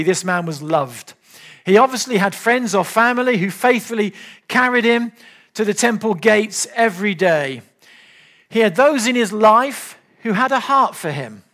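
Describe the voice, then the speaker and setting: An older man preaching a sermon, earnest and emphatic, at times dropping to soft, low appeals. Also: animated, unhurried.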